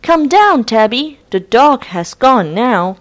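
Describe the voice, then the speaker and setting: A woman's voice: sing-song, takes it slowly. A woman doing a coaxing cat owner. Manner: coaxing, high and sing-song. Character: kind young woman calling her cat.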